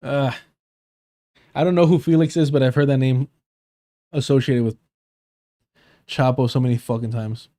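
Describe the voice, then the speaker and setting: A man's voice: medium pitch, fairly even intonation, moderate pace, long pauses, mellow, no echo, studio quality. A man hosting a livestream, reading an article aloud and breaking off into profane, joking asides. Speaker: livestream host.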